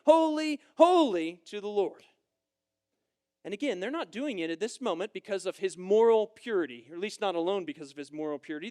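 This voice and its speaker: High-voiced man preaching emphatically. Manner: emphatic preaching, repeating phrases, swings between loud and quiet. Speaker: camp preacher. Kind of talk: sermon. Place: church camp meeting room.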